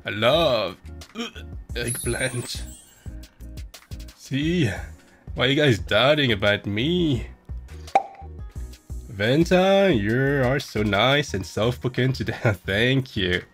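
A young man streams from a home setup into a desk mic, pretending to be someone else. His voice is bright and forward, and he speaks at a slow, loose pace. He reads chat questions aloud and answers with goofy jokes. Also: medium pitch, lively intonation, soft background music. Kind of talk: playful live-stream chat, impersonating another streamer.

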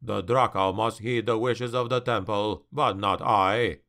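A loyal, hot-tempered male dark elf warrior with a gruff growl, voiced by a man narrating a fantasy audiobook. His voice is low and slow. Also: steady tone.

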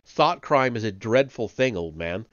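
A man's voice: medium pitch, expressive, normal speed, no echo, lo-fi sound, lightly acted. A man reading aloud and voicing a frightened, servile, middle-aged male prisoner who pleads eagerly and talks sanctimoniously.

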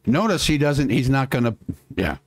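A man's voice: medium pitch, big pitch swings, moderate pace, no echo, studio quality. A man hosting a casual political live stream, rambling and sarcastic, muttering to himself as he works his computer and swearing now and then.

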